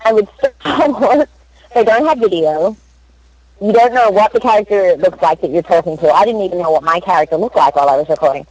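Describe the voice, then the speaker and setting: A young Australian woman, a voice actress, chatting in an interview and telling stories in an animated, laughing way. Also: medium pitch, fairly quick, dry recording, muffled recording. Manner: chatty, animated storyteller who laughs often. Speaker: voice actress guest. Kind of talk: casual interview chat.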